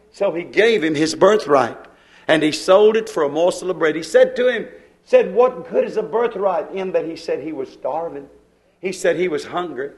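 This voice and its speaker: High-voiced folksy preacher man. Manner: folksy storytelling, repeats phrases. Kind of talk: sermon.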